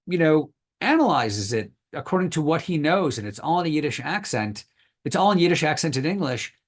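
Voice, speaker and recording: Thoughtful man explaining at length. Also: mid-range voice. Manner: thoughtful, hedging, many fillers. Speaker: historian guest. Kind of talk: podcast interview.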